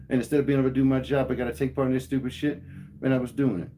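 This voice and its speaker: Profane, ranting man with a dark voice. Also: medium pitch, little pitch movement, very fast, a little hiss or hum. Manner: profane, heated storytelling. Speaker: livestreamer. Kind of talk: casual rant to live chat.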